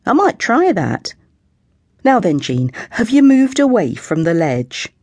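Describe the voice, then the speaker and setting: A woman voicing a chatty middle-aged mum with a brisk, soothing counsellor tone, in an audiobook. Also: medium pitch, big pitch swings, a little mellow, no room sound, pitched above the performer's own voice, full character voice. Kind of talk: audiobook character voice.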